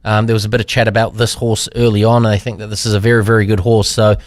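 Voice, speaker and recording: Relaxed New tipster, dry studio. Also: male voice, fairly low pitch, fast, no room sound. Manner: relaxed, gives betting tips. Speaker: podcast co-host. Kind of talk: casual racing tips chat.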